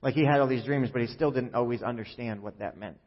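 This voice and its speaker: A man's voice: mid-range voice, quick pace. A male pastor preaching a sermon in a conversational, joking way, acting out the quoted lines. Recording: muffled sound with long hall reverb.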